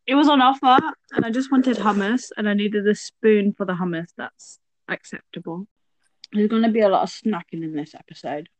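A woman's voice: mid-range voice, normal speed, no echo, poor audio. A woman in her twenties co-hosting a casual podcast, chatty and giggly, talking while she snacks. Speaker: podcast co-host. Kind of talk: casual chat. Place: home, lives in South London.

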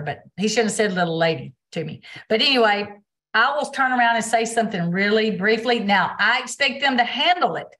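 A woman, a basketball official, answering interview questions on a video call and acting out what she says on court. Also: mid-range voice. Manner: animated storytelling, acts out quotes.

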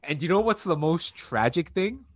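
A man's voice: a little high, lively intonation, moderate pace, no echo. A man ranting in casual podcast chat, swearing and getting worked up, from Canada. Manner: profane, gets worked up mid-rant. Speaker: podcast co-host.

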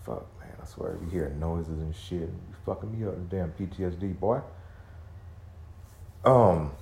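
Unhurried and low with a darkish tone, the man runs a one-person confessional podcast from his home, musing in a rambling way, swearing without restraint, and letting thoughts fade out on sighs. There's a roomy echo and a faint background hum.

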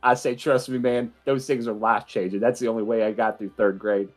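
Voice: mid-range voice, flat delivery, fairly quick, pitched below the performer's own voice, close to an everyday voice. Player doing polite little kid, stammers a lot, eager, music behind. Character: polite, chatty eleven-year-old boy from Alabama.

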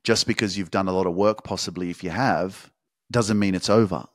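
A man hosting a podcast, giving an intense, profane motivational monologue with emphatic, drawn-out phrasing. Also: low-pitched, fairly even intonation, no echo, clean studio sound. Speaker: podcast host.

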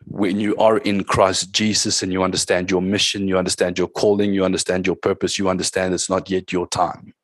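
A man's voice: low voice, level tone, fairly quick, few pauses, dry recording. A man preaching a sermon as pastor, with emphatic calls to the congregation and short passages in tongues.

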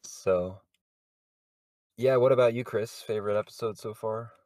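A man's voice: lowish voice, fairly even intonation, normal speed, a little mellow, no room sound, clean studio sound. A man hosting a casual podcast chat, rambling with many fillers and chuckling often. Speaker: podcast host.

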